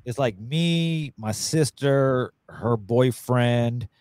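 A man's voice: mid-range voice, very slow, a little mellow, dry recording. A man casually telling a long crude story, full of swearing and voiced quotes.

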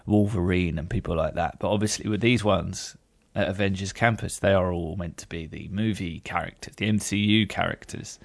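A man's voice: deep voice, steady tone, moderate pace, vocal fry, few pauses, no room sound. A man hosting a podcast in casual chat, with dry, self-deprecating humor. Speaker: podcast host.

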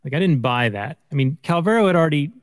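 A man's voice: fairly high pitch, lively intonation, fast talker, no room sound, in a large hall. A man co-hosting a casual podcast, chatting about a film and retelling its scenes. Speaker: podcast co-host. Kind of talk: casual movie review chat.

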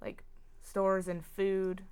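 A woman's voice: mid-range voice, little pitch movement, extremely slow, a little mellow, smooth. A young woman co-hosting a podcast, chatting casually with friends and dropping in plenty of "like" and "um". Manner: chatty, lots of "like" and "um". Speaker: podcast co-host. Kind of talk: casual chat.

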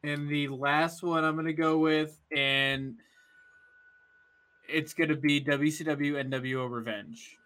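A man hosting a casual podcast chat, relaxed and hesitant, with frequent ums. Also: fairly high pitch, takes it slowly, a little hiss or hum. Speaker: podcast host.

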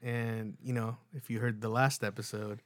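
Young man, California, podcast co-host, relaxed rambling chat, casual swearing, mid-pitched, dry close sound. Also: moderate pace, no room sound.

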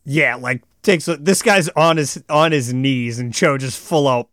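A man co-hosting a casual podcast, retelling a TV episode in animated bursts and quoting the characters along the way. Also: medium pitch, measured pace, no room sound. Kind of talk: casual plot recap.

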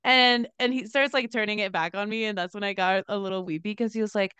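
A young woman co-hosting a podcast, telling a story in a chatty, animated way with lots of fillers. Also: fast, clean tone, dry recording. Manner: animated storyteller, lots of "like", laughs into high pitch. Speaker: podcast co-host, dancer. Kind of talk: casual chat, storytelling.

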